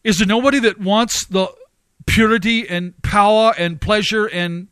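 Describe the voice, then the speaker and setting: A man with a high voice, preaching with emphatic force and piling up repeated phrases. He swings into sharp rising outbursts. The sound is dry and close, with no room around it. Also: steady tone, normal speed, clean tone, dry recording. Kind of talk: sermon.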